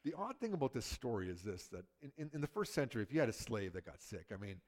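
A man's voice: lowish voice, big pitch swings, fast, darkish tone. A man preaching in a conversational way, often repeating words and acting out the lines of the story he explains. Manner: acts out quotes from the story. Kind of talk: sermon.

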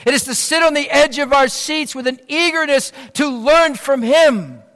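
Male pastor, high voice, earnest preaching that swells and drops, heard in a big reverberant church. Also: normal speed, a bit bright. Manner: earnest, rising and falling preaching delivery. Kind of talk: sermon. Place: church sanctuary. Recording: long reverb of a church hall.

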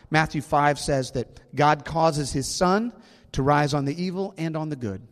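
A man's voice: fairly high pitch, big-room sound. A man in his thirties, a pastor preaching a sermon in a conversational, joking way with the congregation.

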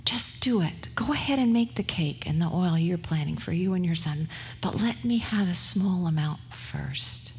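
Woman voicing a hushed insistent prophet. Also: fairly low pitch, lively intonation, moderate pace, in a large hall, a little hiss or hum. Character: hungry wandering male prophet, insistent.

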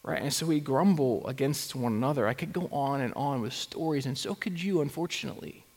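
A pastor preaching a sermon in a conversational way, with rhetorical questions and wry asides. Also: male voice, mid-range voice, a little fast, darkish tone. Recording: long hall reverb.

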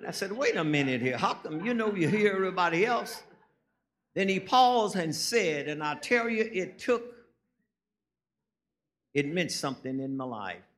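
A man's voice: high voice, sing-song, normal speed, pauses often, fairly bright tone. A man, preaching a sermon as a guest preacher, telling folksy stories and rising into emphatic preaching.

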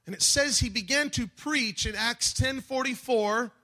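A man preaching a sermon, building from calm teaching to fervent shouted passages. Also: very high voice, measured pace. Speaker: pastor.

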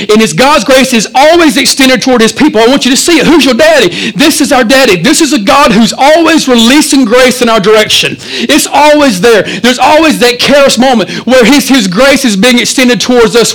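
A man, the pastor, preaching a sermon in a church, swinging between loud, animated stretches and quiet asides. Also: extremely high pitch, poor audio.

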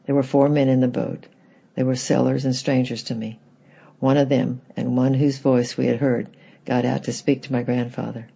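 A man reading a children's book aloud in gentle, plain storybook narration, with a husky, gravelly voice. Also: mid-range voice, little pitch movement, normal speed, lo-fi sound.

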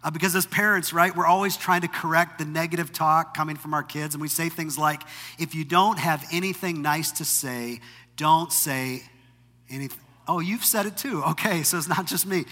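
Bright-voiced pastor in a reverberant hall. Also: male voice, fairly high pitch. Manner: conversational storytelling with self-deprecating humor. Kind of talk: sermon. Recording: long reverb from a large hall.

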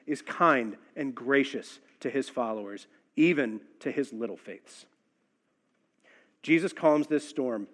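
Guy teaching a bible passage, chatty and thoughtful, voice a bit on the high side. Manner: conversational and reflective, asks rhetorical questions.

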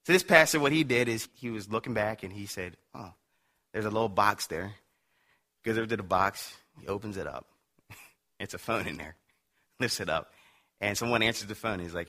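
A man preaching a sermon, emphatic at times and dropping quiet at others, telling a story to make his point. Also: mid-range voice, a little fast.

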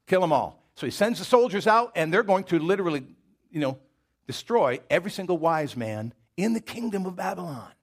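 A man's voice: high voice, very animated, brisk. A man preaching a sermon in a conversational storytelling manner, addressing the congregation directly.

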